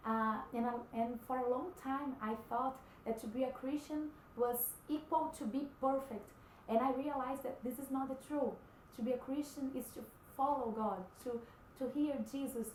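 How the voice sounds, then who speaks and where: A woman's voice: on the high side, echoey room, slight background noise, low-quality recording. Earnest woman speaking English as a second language. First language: Portuguese. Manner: earnest, halting, searching for words. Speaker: Christian vlogger. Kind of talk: devotional talk to camera.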